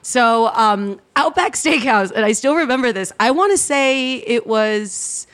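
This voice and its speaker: A woman in her forties from South Texas, a guest comedian telling stories in a casual podcast chat, animated and laughing often. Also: on the high side, unhurried.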